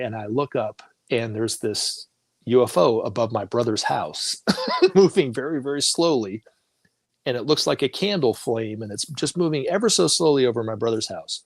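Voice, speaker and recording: A man's voice: mid-range voice, animated, normal speed, dry recording. A man talking as a guest on a talk show, telling stories casually and acting out the voices of the people in them, laughing often.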